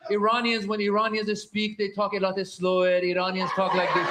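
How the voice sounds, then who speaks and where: A man doing an animated stand-up routine, laughing as he talks and slipping into mock accents. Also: high-pitched, fast talker, hardly any pauses, heavy background noise. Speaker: stand-up comedian.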